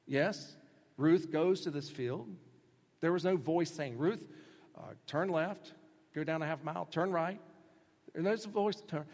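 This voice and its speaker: A man preaching a sermon with a slightly raised pitch, his voice ringing with long reverb through a large hall. He talks in a conversational way, leaning hard on emphasis and then easing into soft, low-voiced asides. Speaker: pastor.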